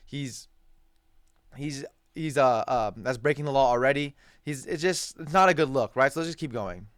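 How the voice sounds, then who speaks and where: A man's voice: medium pitch, moderate pace, a bit bright, dry recording, studio quality. A man giving heated, profanity-laced reaction commentary on sports news, repeating himself for emphasis. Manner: profane, ranting, repetitive emphasis.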